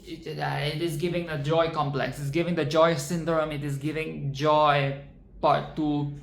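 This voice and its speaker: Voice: medium pitch, level tone, measured pace, creaky. A rambling film reviewer riffs through casual reaction commentary with playful swearing and sarcastic asides. The voice sits in a roomy, echoing indoor space. A faint hum of background noise runs underneath.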